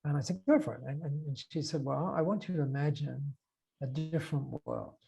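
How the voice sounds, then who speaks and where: A man's voice: fairly high pitch, moderate pace, gravelly, warm tone, slightly rough. A man with an Australian accent, a podcast guest recounting an anecdote, with many fillers and acted-out dialogue. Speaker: interview guest. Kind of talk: storytelling in a podcast interview.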